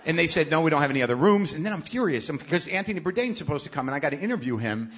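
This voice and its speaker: A middle-aged man hosting a live podcast, telling a profane, exasperated comic story in sudden loud bursts. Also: a little high, very animated, racing. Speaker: podcast host. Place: live stage show. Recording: live venue with faint noise.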